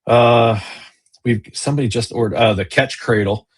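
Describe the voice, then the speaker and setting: A man's voice: medium pitch, steady tone, moderate pace, slightly rough. A man, a business owner and kayak angler, chatting casually in an interview over a video call, rambling with fillers and restarts.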